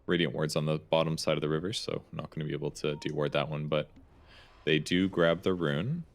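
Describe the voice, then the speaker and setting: A man with a Midwestern accent giving relaxed, analytical esports commentary on a headset, with plenty of filler words. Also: extremely low pitch, a little fast. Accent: American Midwestern. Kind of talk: play-by-play analysis.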